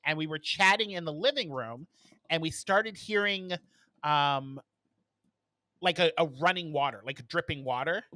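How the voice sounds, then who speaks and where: A man co-hosting a podcast, telling stories in casual chat with lots of ums and quick laughs. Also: a little high, sharp tone, no room sound. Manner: storytelling with many fillers and laughs. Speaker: podcast co-host.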